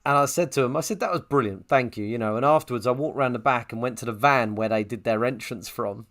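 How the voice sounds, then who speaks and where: A man's voice: mid-range voice, fast. A man, co-hosting a podcast and chatting casually, acting out the people in his stories. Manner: animated storyteller acting out quotes. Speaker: podcast co-host. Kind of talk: casual chat, storytelling.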